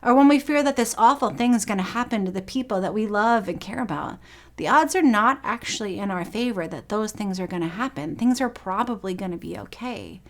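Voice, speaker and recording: A woman's voice: medium pitch, animated, fairly quick. A middle-aged woman pastor giving a sermon, telling personal stories in an earnest way.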